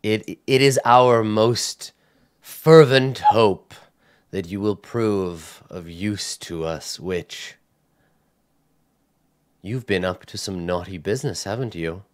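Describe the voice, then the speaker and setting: A cold, stern holy sister jailer, played by a man speaks in a low, hushed voice. Every word comes slow and formal, with chilly authority. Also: no echo, clean studio sound. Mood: menacing.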